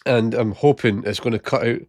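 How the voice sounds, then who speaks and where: Recorded clean on a new gated mic held close, with no room sound, this vlogger speaks fairly quickly in a medium, darkish voice. A chest infection leaves him a bit breathless as he tells casual stories, frequently laughing at them himself.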